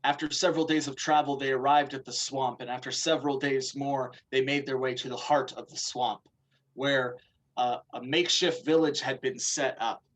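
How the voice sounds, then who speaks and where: A man narrating a tabletop game as game master, in a measured, storytelling way. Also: mid-range voice, fairly even intonation, fairly bright tone, poor audio.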